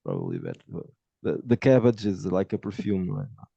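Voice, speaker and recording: A man narrating a tabletop game as game master, talking in a halting way with many restarts, on dull lo-fi audio. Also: deep voice, huge pitch swings, gravelly, warm tone, slightly rough, no room sound.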